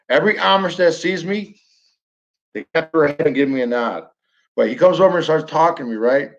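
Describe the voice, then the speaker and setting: A man's voice: on the high side, fairly bright tone. A man from Northern New York chatting casually to his viewers, rambling and chuckling as he tells a story. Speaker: live stream host. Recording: dull lo-fi audio.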